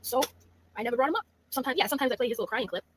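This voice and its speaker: A woman's voice: a little high, racing, breathy edge. A woman hosting a gossip livestream, talking casually and mockingly with laughs. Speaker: livestream host.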